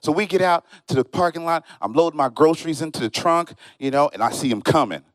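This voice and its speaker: A man doing a stand-up comedy set on stage, telling stories in an animated way and acting out the people in them. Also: on the high side, fast talker, no room sound. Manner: animated storytelling, acts out friends and strangers in quoted voices. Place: comedy show stage, live audience.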